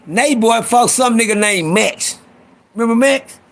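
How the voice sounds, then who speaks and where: This host's voice is very high-pitched and fairly bright, and he takes his time. On a live audio stream, he tells raucous, profane stories, imitating the voices of the people involved.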